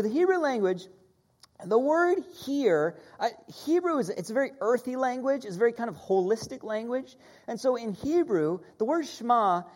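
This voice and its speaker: A woman delivers a sermon at a mid-range pitch that rises and falls. Her teaching is animated, and she leans hard on key words. She stops to have her listeners say words back with her. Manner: animated teaching, leads the audience in call-and-repeat. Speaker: preacher.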